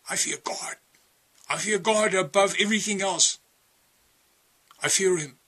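A man from South Africa preaching a testimony sermon, earnest and warning, sometimes dropping to a hushed near-whisper. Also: high-pitched, fairly even intonation, a little slow.

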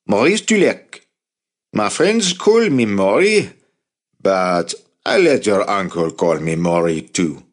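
Male narrator doing a kindly French man in his fifties, thick accent, slow and emphatic. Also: lowish voice, very animated, exaggerated voice. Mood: friendly greeting.

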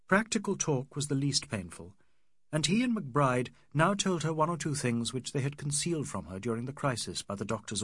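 A male audiobook narrator reads a literary novel in a measured, expressive manner, his pitch moving freely across phrases. His voice is husky and sits close and dry, with no room sound. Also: no room sound.

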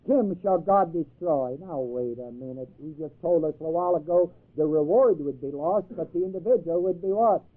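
A man's voice: fairly high pitch, fairly quick, hardly any pauses. Emphatic man teaching, tinny old tape. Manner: emphatic, quizzes listeners with questions. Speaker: Bible teacher. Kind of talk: sermon teaching to a class.

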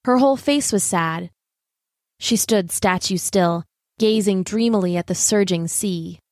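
A woman's voice: medium pitch, dry recording. Woman narrating a storybook, dry and close. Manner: measured, gently expressive reading. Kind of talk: audiobook narration.

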